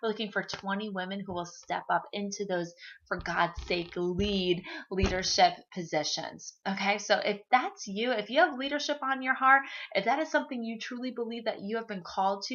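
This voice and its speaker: A woman's voice: medium pitch, a bit bright, slight background noise. A woman from the United States giving an upbeat, chatty motivational talk to her sales team, emphatic and full of fillers. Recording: dull lo-fi recording.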